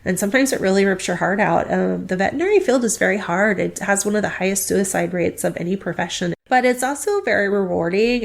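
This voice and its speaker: A woman's voice: fairly low pitch, vocal fry. A middle-aged woman telling her story in a casual interview, chatty and rambling, often restarting her sentences. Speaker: veterinary clinic staff interviewee.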